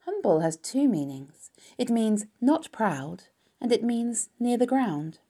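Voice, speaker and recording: A woman as a calm, wise spider. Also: fairly high pitch, voice pushed up, full character voice. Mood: explaining. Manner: calm, measured, soothing. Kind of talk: storybook reading.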